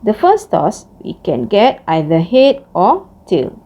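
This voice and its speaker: A woman giving a recorded math lecture, explaining each step slowly. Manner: slow, lively pitch, explains step by step.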